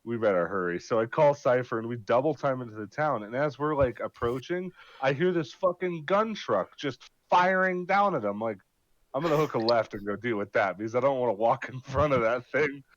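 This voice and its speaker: A man's voice: mid-range voice, a little fast, muffled recording. A man in casual voice chat swearing freely as he tells a mission story, acting out what everyone said. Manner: animated, swearing, acting out his own lines. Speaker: gamer telling a mission story.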